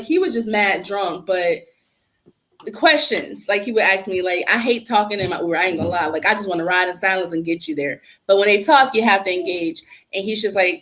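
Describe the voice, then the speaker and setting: A woman's voice: medium pitch, a little hiss or hum. A woman in her thirties, a podcast guest, chatting casually and telling stories with acted-out quotes. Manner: animated storytelling with acted-out quotes. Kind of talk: casual chat.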